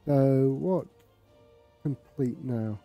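A man's voice: mid-range voice, drawn-out words, low-quality recording. A man streaming a game, chatting casually to himself and saying his accent drifts toward British. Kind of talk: casual gameplay commentary. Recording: loud game music behind.

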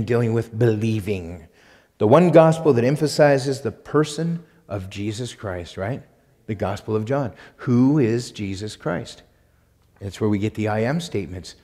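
A man's voice: mid-range voice, dark tone, in a large hall. A man preaching a sermon as pastor, emphatic and repetitive, with rhetorical questions and sudden bursts of force. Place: church sanctuary.

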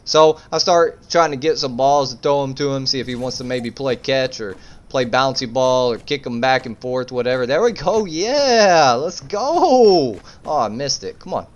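A man telling a story in laid-back, slangy gameplay commentary, breaking into bursts of excitement. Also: medium pitch, lo-fi sound. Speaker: gaming YouTuber.

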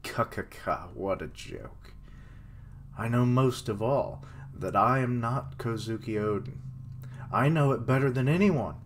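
A man voicing a bitter, mocking villainous samurai in a low, sneering tone while reading a comic aloud. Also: expressive, measured pace, a little hiss or hum.

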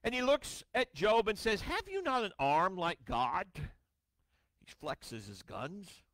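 High, lively-voiced man preaching. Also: slow pace, no echo. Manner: dramatic scripture reading, swings between booming and hushed; storytelling with wry asides. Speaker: pastor. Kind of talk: sermon. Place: church sanctuary.

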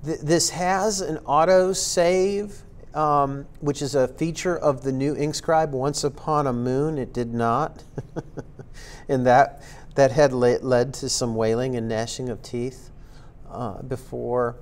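A man's voice: medium pitch, steady tone, takes it slowly. Rambling man teaching a tutorial. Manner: rambling and filler-heavy, many ums and likes; self-aware, jokey asides. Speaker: instructor. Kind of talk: casual screen-recorded tutorial talk.

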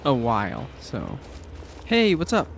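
A man's voice: medium pitch, wildly swooping pitch, takes it slowly, creaky, slight background noise. Chatty man narrating gameplay. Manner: jokey, chatty, talks to the game characters. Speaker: gamer playing through a game. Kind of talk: let's play commentary. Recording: game music playing underneath. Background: game music.

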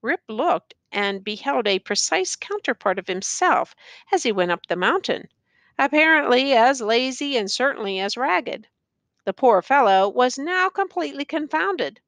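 A woman narrating a classic tale as an expressive audiobook reader. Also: high voice, measured pace, no echo. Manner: expressive, storytelling.

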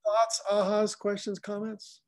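A man's voice: high voice, completely flat delivery, measured pace. A man hosting a live group call, talking loosely with repeated restarts, heard over a video call. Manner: loose and repetitive, restarts phrases. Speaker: host of a call-in show.

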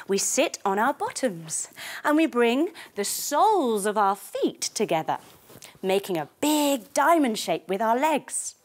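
A woman telling a story as a yoga teacher for children, playful and animated while she gives gentle instructions. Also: medium pitch, measured pace.

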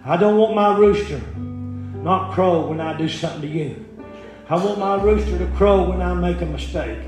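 A man's voice: sits high, moderate pace, darkish tone. Preacher man in an echoey church. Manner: folksy, frequent "uh" fillers, asks the congregation questions. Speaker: evangelist preacher. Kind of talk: sermon. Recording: very echoey church room with music behind.

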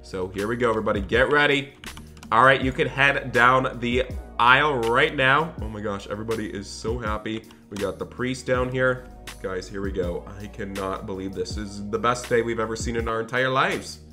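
A man's voice: mid-range voice, moderate pace, bright, forceful tone, soft background music. A man hosting a game role-play video, chatting upbeat and directly to his viewers. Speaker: gaming channel host.

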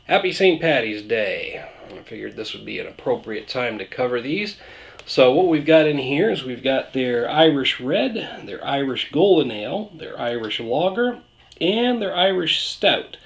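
Gravelly man casually reviewing beer. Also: mid-range voice. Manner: relaxed, rambling, self-deprecating. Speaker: beer reviewer, channel host.

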